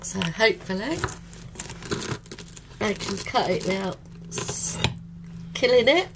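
A middle-aged woman talks through a home baking video in an unhurried, chatty way. She laughs often, at a slow pace, over a faint background hiss. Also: medium pitch, animated, gravelly. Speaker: cooking vlog host. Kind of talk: casual home baking chat.

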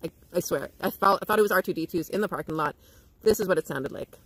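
A woman's voice: on the low side, fast talker, a little hiss or hum, poor audio. A woman educator giving a playful livestream nature lesson to schoolchildren. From Canada. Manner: bubbly, playful, imitates bird calls.

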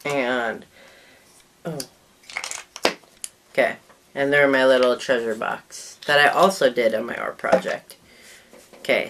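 A woman's voice: a bass voice, slight background noise. A woman vlogger in a casual show-and-tell talk to the camera, chatty and rambling, often trailing off mid-sentence.

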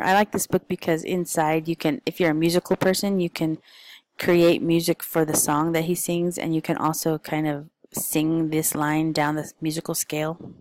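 A woman's voice: sits low, dry recording, poor audio. A woman, a parent, chatting casually and informally through a stack of picture book recommendations, with frequent ums and uhs.

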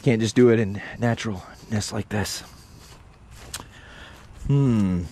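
A man's voice: on the low side, slow, warm tone, a little hiss or hum. A man vlogging outdoors, joking crudely, rhyming on the fly and talking to himself as he explores. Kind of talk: casual off-the-cuff vlog with freestyle rhymes. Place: outdoors in an open area.

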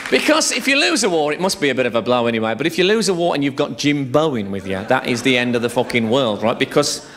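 A man's voice: medium pitch, sing-song, fast talker, a crowd in the background, background noise. A man doing a live stand-up routine on a theatre stage, telling bawdy, swear-laden stories in a chatty way. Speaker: stand-up comedian.

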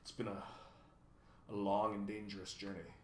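A man voicing a pompous male math wizard who thunders loudly and turns to ominous hushes, in an echoey room. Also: fairly low pitch, little pitch movement, moderate pace, a little hiss or hum, lightly acted. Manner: thunders loudly, then drops to ominous hush.

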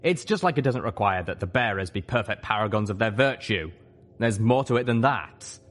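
A man voicing an ancient male dragon who explains things rapidly and earnestly. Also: on the low side, expressive.

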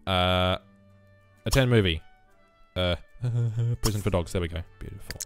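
A young man giving casual let's play commentary, muttering through menu choices with sudden loud bursts of excitement. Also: sits low, a little slow, faint music behind. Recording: noisy background with game rain.

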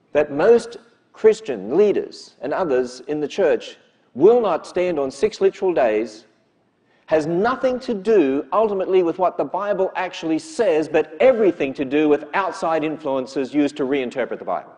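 A man's voice: a little high, lively intonation, moderate pace, mellow. A man gives an emphatic lecture to a church audience, often putting rhetorical questions to them. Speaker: speaker addressing a church audience.

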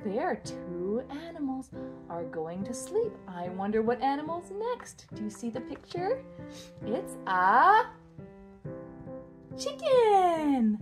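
A woman teaching toddlers first phrases in a slow, playful, sing-song way, repeating simple sentences and making animal sounds. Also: sits high.

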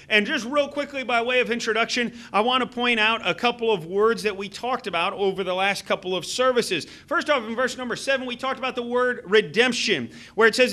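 A man in his thirties preaching a sermon as a church pastor, earnest and halting, with many fillers and restarts. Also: high voice, bright, forceful tone. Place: church sanctuary. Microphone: handheld microphone.

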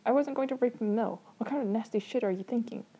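A woman's voice: a little high, quick pace, dark tone, husky, pitched above the performer's own voice. A woman doing a crude, defensive joker. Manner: defensive, mocking.

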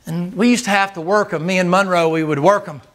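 A man's voice: sits high, fairly even intonation, a little fast, a bit bright. A man preaching a sermon in a folksy, storytelling manner. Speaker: guest preacher.

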